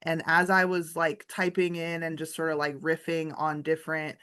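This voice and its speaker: A woman's voice: deep voice, completely flat delivery, moderate pace, a bit bright, clear, resonant tone. Woman in her thirties, comics teacher, rambling casual interview talk over a video call from her studio. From Florida, USA. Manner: chatty, rambling, many filler words. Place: art studio, indoors.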